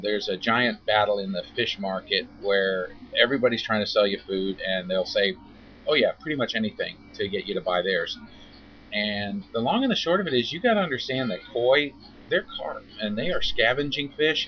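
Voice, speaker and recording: Lowish-voiced guy explaining koi care, chatty and a bit sarcastic, dull muffled recording w/ faint hiss. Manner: chatty, wry, acts out mock quotes. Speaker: koi veterinarian. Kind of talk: informal educational talk.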